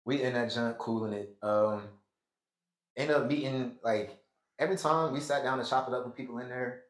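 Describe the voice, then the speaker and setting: A man's voice: mid-range voice, moderate pace. An American man hosting a podcast, telling a long story in a rambling, slangy way and laughing often. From United States. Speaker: podcast host. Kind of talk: casual storytelling. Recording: echoey room.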